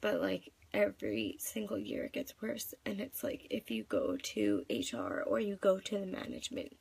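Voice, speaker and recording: A young woman in her twenties talks into her phone through tears, rambling and full of fillers. Her voice is heavily gravelly and husky, recorded close and dry with no room sound. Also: mid-range voice, very animated, normal speed, darkish tone, no room sound. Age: 20s. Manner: upset, rambling, many fillers. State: crying. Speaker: vlogger. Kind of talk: live video venting.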